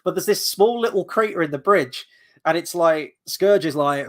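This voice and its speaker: A man's voice: on the high side, normal speed, a bit bright. A man giving a casual spoken film review, rambling and hesitant, often correcting himself and stopping on fillers.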